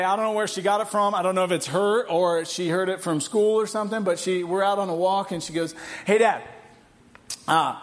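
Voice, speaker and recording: High-voiced pastor guy in his 40s, chatty and animated, telling a funny family story from the pulpit. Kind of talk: sermon. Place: church hall.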